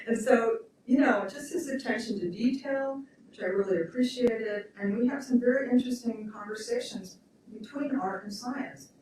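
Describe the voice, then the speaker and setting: A woman's voice: a little high, moderate pace, a little mellow, slight background noise. A woman at a memorial event telling chatty, emotional stories with frequent laughs and fillers. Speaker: memorial speaker. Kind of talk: spoken remembrance at a memorial event. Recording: echoey hall from far off.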